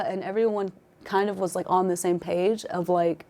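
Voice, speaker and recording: A woman's voice: fairly low pitch, flat delivery, fairly quick, warm tone. A young woman telling her own life story in a casual conversation, emotional and full of "like" fillers and restarts.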